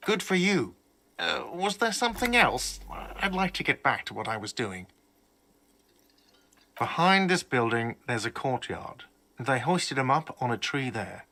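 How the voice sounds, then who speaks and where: Curt, sarcastic game manager, bright lively voice, faint music behind. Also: male voice, mid-range voice, a little slow, full character voice. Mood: irritable.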